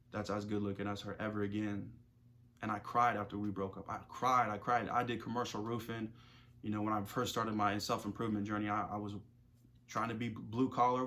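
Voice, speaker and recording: Young male self-improvement creator, mid-pitched, casual motivational pep talk with slang and repeated catchphrases. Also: fairly bright tone.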